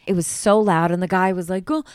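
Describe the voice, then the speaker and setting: A woman's voice: on the low side, steady tone, brisk, darkish tone, clear, resonant tone, no echo, studio quality. A woman co-hosting a podcast, telling a story in casual chat and acting out what people said, with a lot of swearing. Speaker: podcast co-host.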